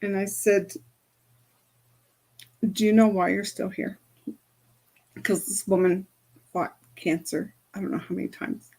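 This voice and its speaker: A woman's voice: medium pitch, steady tone, unhurried, gravelly, long pauses, darkish tone, husky. A woman who works as an energy healer, giving a casual spoken lesson on chakras and telling a story from her practice, with many fillers.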